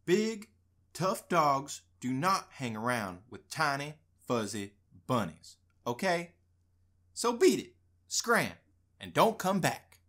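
A woman voicing a big, tough, grumpy male dog in a storybook read-aloud, with a gruff, growling voice. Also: low voice, sing-song, slow pace, a bit bright, pitched below the performer's own voice, full character voice.

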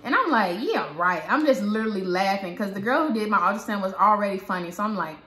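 A woman vlogger with a Southern American accent, chatting and retelling a story with lively quoted dialogue. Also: medium pitch, fast. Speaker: parenting vlogger. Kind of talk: casual storytelling. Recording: echoey room.

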